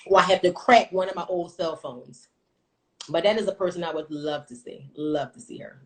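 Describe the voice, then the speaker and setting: A woman in her thirties telling a personal story on a casual livestream, blunt and profane, with animated storytelling. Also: on the low side, normal speed, poor audio. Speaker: livestream host.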